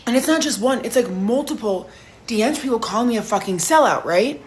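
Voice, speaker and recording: A woman's voice: fairly high pitch, animated, a little fast, a little hiss or hum. A hungover young woman telling a story in a casual vlog, swearing heavily and animatedly.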